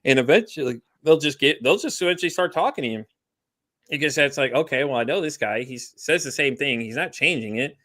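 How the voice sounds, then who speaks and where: Fast-talking rambling man from Texas. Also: medium pitch, expressive, fairly bright tone, dry recording, studio quality. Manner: fast, rambling storyteller who acts out quoted dialogue. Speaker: podcast guest. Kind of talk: casual chat.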